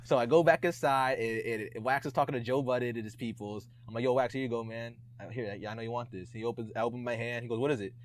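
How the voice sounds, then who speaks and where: Young adult male guest, mid-pitched and lively, tells stories with slang and acted-out quotes. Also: fast, few pauses. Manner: animated, acts out quotes, slangy. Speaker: podcast guest, cameraman. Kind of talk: casual storytelling chat.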